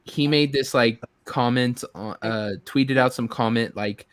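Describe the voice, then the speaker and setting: A man's voice: mid-range voice, measured pace, hardly any pauses, no echo. A man chatting casually on a live stream, telling a story in a rambling way with many fillers. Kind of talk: casual chat.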